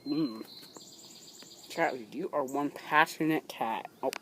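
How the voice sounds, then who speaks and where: Freshly awake and sleepy, a woman whose voice sits low talks slowly to her cats while recording them on a handheld phone at home. She coos at them playfully and giggles often in this casual home video, where background noise is clearly heard.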